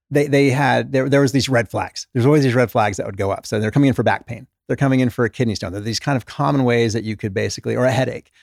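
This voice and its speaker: A middle-aged man with a medium-pitched voice and vocal fry tells stories as a guest in a conversational interview. Formerly a doctor and now an author, he animatedly acts out the voices of patients he quotes. The recording is dry and studio quality.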